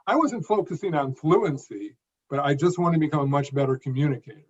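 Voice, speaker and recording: Higher-voiced man around sixty, emphatic. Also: expressive, brisk, husky. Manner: phrased, emphatic delivery with occasional repeated words. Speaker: interview guest, professional speaker. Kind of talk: conversational interview. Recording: dull lo-fi audio.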